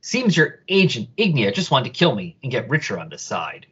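A man's voice: medium pitch, wildly swooping pitch, fairly quick, fairly bright tone, breathy edge, highs cut off, heavily acted. A man voicing a cold, sardonic male scientist who speaks with cutting disdain. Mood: scornful.

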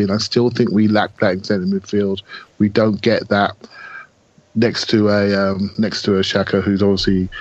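A man talking football as a podcast pundit, thoughtful and halting with many restarts. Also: lowish voice, no echo, dull audio. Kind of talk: casual chat.

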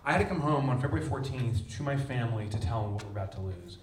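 A man giving a conference keynote, telling a personal story with strong emotion and a voice that jumps high on punchlines. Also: lively intonation, fast. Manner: emotional storytelling, pitch rising sharply on punchlines. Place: large conference hall. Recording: echoey hall, distant mic, faint rumble.

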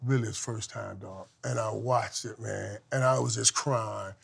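A man telling stories as a guest, animated and laughing, swinging from loud outbursts to hushed tones. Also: on the low side, measured pace, gravelly, husky. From from Saint Thomas. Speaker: guest, former football player. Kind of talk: casual storytelling.

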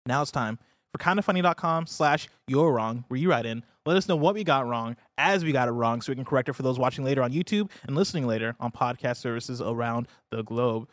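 A man's voice: medium pitch, lively intonation, quick pace, no echo, clean studio sound. A man from the United States hosting a casual gaming news podcast, upbeat and laughing easily, sometimes tripping over words. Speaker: podcast host.

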